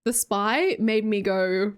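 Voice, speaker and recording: A woman's voice: mid-range voice, slow, clean tone. A young Australian woman hosting a livestream, chatting casually, reading viewer comments aloud and laughing often. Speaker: livestream host.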